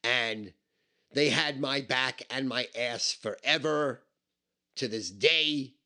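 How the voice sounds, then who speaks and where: Bright-voiced man, blunt and profane. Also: medium pitch, slow. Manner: blunt, heavily profane, emphatic. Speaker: storyteller. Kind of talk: casual spoken anecdote.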